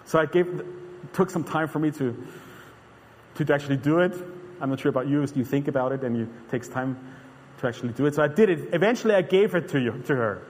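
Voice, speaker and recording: Male preacher, earnest chatty sermon delivery with restarts; slightly high voice, reverberant hall. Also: a little fast. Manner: earnest, conversational, frequent restarts.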